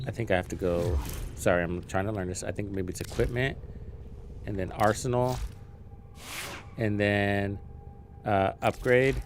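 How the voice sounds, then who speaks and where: A man live-streaming a game, chatting casually, thinking out loud and swearing freely as he learns the menus. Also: lowish voice, steady tone, measured pace, long pauses, a little hiss or hum.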